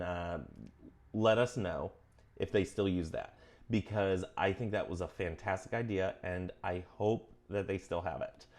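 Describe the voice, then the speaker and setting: A man reads from a witchcraft book on his vlog and comments as he goes, rambling casually in a darkish tone. He's earnest, corrects himself, wanders off on tangents, and his pitch jumps up whenever he gets emphatic.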